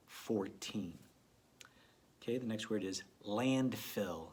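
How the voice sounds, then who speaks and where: A male teacher giving an early reading phonics lesson to children, sounding out letters slowly and deliberately in a gentle, encouraging way. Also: lowish voice.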